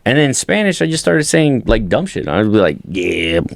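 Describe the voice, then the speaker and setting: A man in his thirties trades swear-laden stories on a comedy podcast, his pitch bouncing high and low as he acts out every line. The sound is close and dry, with no room around it. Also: sing-song, a little fast, gravelly, dry recording. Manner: crude, joking storyteller, swears a lot. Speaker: podcast co-host. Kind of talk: casual comedy podcast banter.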